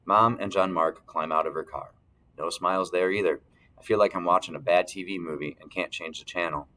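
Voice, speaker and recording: A man reading a first-person novel aloud as narrator, steady, clearing his throat now and then. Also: sits low, fairly quick, poor audio. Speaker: audiobook narrator.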